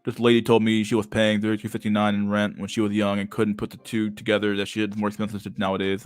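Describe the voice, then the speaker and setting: A man's voice: on the low side, completely flat delivery, fast talker, few pauses, smooth, faint music behind. A young man hosting a livestream and reading chat, talking in a crude, slangy, casual way and laughing often.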